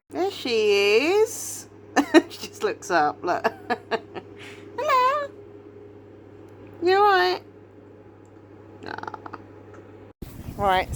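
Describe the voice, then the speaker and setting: Woman, casual vlog chat, thinking aloud, middling pitch. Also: a little hiss or hum. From England. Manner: rambling, chatty, thinking aloud to the camera. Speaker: vlogger. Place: at home, then out and about.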